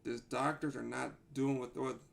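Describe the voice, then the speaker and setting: A man's voice: medium pitch, normal speed, creaky. A man hosting a livestream, reacting to a video in a casual, exasperated way. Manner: animated, exasperated, says bruh a lot.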